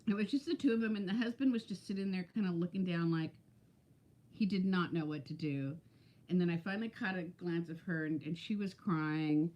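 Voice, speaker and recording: A woman's voice: fairly low pitch, brisk, darkish tone. A woman in her fifties chatting casually on a live stream, telling stories and greeting viewers by name. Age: 50s. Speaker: weight-loss vlogger.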